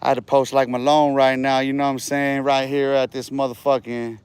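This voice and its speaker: A man's voice: mid-range voice, level tone, brisk, a little mellow, clear, resonant tone, no room sound. A man talking on a livestream in a rambling, profane, boastful way, laughing between remarks and often trailing off and restarting. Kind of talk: rambling casual livestream talk.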